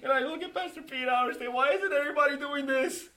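In a very high, pushed, and bright voice, a man rushes quickly through an emotional testimony before a church group. He is earnest, often restarting, and dramatizes both his own comments and what others told him as quoted dialogue.

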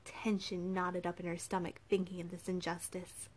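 A woman narrating an audiobook in an even, measured storytelling manner. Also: fairly low pitch. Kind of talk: scripted narration.

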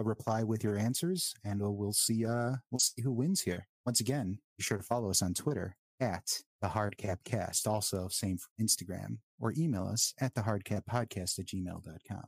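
A man's voice: fairly low pitch, moderate pace, few pauses, breathy edge, dry recording, studio quality. A man hosting a casual sports podcast, upbeat, often repeating words as he starts sentences. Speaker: podcast host.

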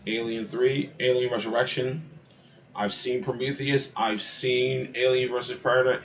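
A man's voice: medium pitch, bright, forceful tone, muffled recording. A man hosting a casual video, reading movie opinions aloud and reacting in a rambling way, full of fillers and repeated words.

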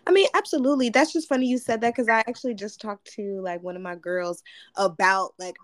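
A woman's voice: mid-range voice, a little fast, no room sound, clean studio sound. A woman talking as a podcast guest, candid and reflective, with casual swearing. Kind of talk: casual chat.

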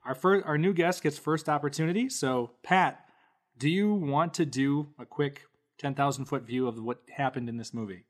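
A man's voice: a little high, normal speed. A man hosting a podcast, easygoing as he leads the segment in a casual chat. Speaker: podcast host.

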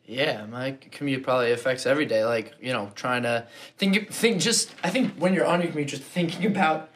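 A man's voice: mid-range voice, fairly quick. A man in his twenties chatting casually on a group podcast, rambling with lots of fillers and swearing. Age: 20s.

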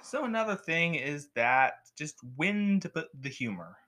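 A young man reviewing a show at home in a rambling, animated way, with frequent restarts. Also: a little high, a little slow. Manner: rambling, animated, with many restarts and acted quotes. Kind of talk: casual talk to camera. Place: home with a cat.

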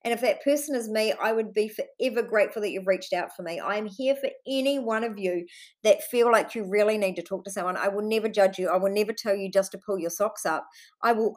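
A woman with a New Zealand accent hosting a solo podcast, talking in an earnest, impassioned way, swearing freely and speaking fondly to her listeners. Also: mid-range voice. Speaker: podcast host.

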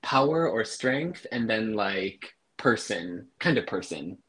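A man's voice: on the low side, animated, takes it slowly, a bit bright, husky. A man, a podcast guest, explaining things patiently and easygoing in casual chat. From USA.

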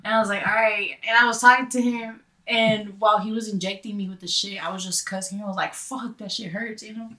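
A young woman chatting as a guest, swearing freely and piling on fillers. She tells her story with lively, casual energy, her voice at an everyday middle pitch. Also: fast talker, hardly any pauses. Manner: animated, profane storytelling with lots of "like".

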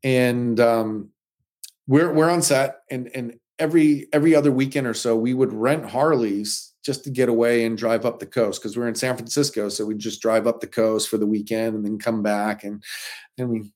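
A middle-aged man, a stuntman guest, telling animated anecdotes in a casual interview and often quoting others. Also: medium pitch, moderate pace. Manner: animated anecdotes with quoted voices.

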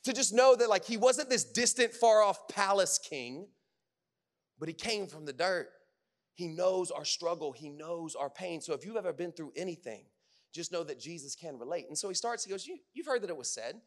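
A man preaching a sermon in a casual, conversational way, full of fillers, swinging from loud bursts to hushed lines. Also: high-pitched, lively intonation, moderate pace.

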